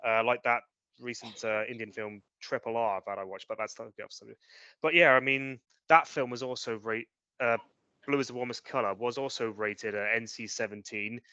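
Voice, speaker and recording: Opinionated British man with a bright voice. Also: medium pitch, fairly even intonation, clear, resonant tone, no room sound, dull audio. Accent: British English. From Britain. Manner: opinionated, quick to rant, British slang. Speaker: podcast co-host. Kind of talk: casual chat.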